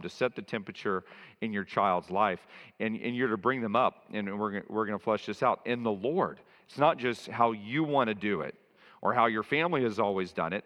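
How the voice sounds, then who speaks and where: A man's voice: on the low side, fairly bright tone, long reverb tail. A man preaching a sermon as a pastor, stressing and repeating key phrases.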